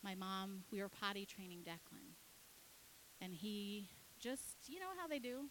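A woman pastor preaching, telling a story with lively acted-out dialogue. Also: mid-range voice, a little hiss or hum, poor audio. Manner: animated, acts out her kids and herself in quick dialogue. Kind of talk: sermon storytelling.

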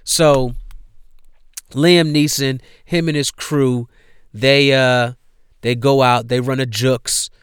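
A man's voice: mid-range voice, slow, long pauses, smooth, no room sound. Man talking through a movie plot off the cuff, cursing, voicing characters; resonant voice, dead-dry room. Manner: profane, animated storytelling with quoted dialogue. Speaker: movie reviewer. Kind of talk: casual movie recap.

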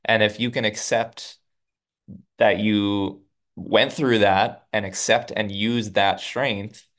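A man co-hosting a podcast, talking in a loose, casual way. His voice sits fairly low, and he breaks into quick quoted lines as he retells scenes. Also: fairly even intonation, a bit bright. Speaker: podcast co-host. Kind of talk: casual recap chat.

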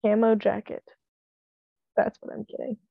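A woman's voice: medium pitch, completely flat delivery, normal speed, creaky, husky, dry recording, lo-fi sound. A woman co-hosting a casual chat, easygoing and agreeable, laughing often.

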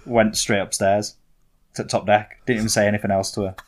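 A man's voice: fairly low pitch, level tone, fairly quick. A young man, telling rambling, self-mocking stories as a podcast co-host. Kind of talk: casual storytelling chat.

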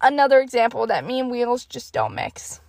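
A young woman with a high voice and a gravelly, fried edge chats on her podcast, laughing at herself as she tells stories and swears freely. She talks into a close mic in a dry, dead room with no echo. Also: normal speed. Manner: animated, self-mocking, swears freely. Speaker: podcast host. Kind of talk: casual storytelling monologue.

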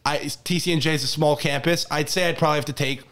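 A young man co-hosting a sports podcast, telling a story in a lively, laughing way with plenty of false starts. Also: on the high side, fast talker. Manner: animated storytelling with laughs and restarts. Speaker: podcast co-host. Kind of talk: casual sports podcast banter.

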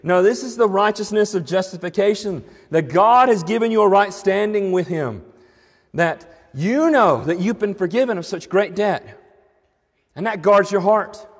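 A man preaching a sermon as pastor, speaking earnestly and slowing down to read scripture with emphasis. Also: high voice, lively intonation, big-room sound. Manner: earnest preaching, slows and rises when reading scripture.

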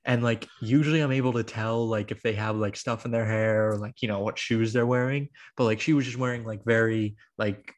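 A man's voice: on the low side, steady tone, brisk, few pauses. A man hosting a podcast, telling a long story in casual chat, with lots of filler words and quoted dialogue. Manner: rambling storytelling full of "like" and acted quotes. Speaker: podcast host.

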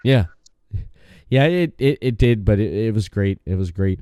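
A man's voice: fairly low pitch, clear, resonant tone, no echo, studio quality. A man hosting a wrestling podcast, chatting casually and often restarting his phrases. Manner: relaxed, halting, restarts phrases. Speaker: podcast host.

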